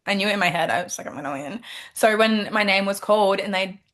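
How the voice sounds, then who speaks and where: Animated young Australian woman telling a story. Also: medium pitch, fast. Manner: animated storytelling, quoting her own thoughts. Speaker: pageant titleholder guest. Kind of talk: casual interview chat.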